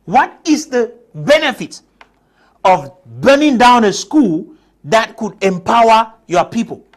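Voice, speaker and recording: A man's voice: very high voice, lively intonation, takes it slowly. A man from Cameroon, speaking as a panelist on a TV discussion and pressing his case with rhetorical questions. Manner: emphatic, argues with rhetorical questions. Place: TV studio.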